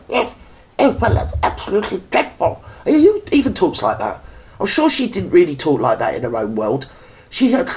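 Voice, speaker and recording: Bloke ranting on a reaction vlog, blunt and indignant, slangy, kinda higher voice. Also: male voice, creaky. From Britain. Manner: earthy working-class slang. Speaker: reaction video host. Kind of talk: opinionated reaction rant.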